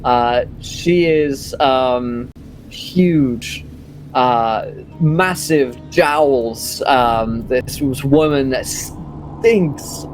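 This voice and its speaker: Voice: medium pitch, very slow, faint music behind, rough recording. A game master narrating a tabletop game, rambling with many ums and likes.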